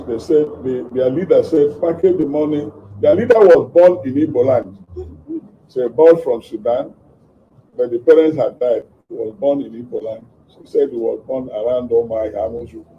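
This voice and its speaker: Halting man, distant muffled recording. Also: mid-range voice. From southeastern Nigeria. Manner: halting, many fillers and restarts, quotes dialogue. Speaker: witness recounting a kidnapping. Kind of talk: spoken testimony. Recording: dull distant recording with faint background noise.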